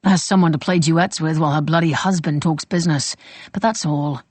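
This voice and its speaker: Woman reading as a clipped, bitter British gentleman. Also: deep voice, steady tone, a little fast, dry recording. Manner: clipped, testy, wry.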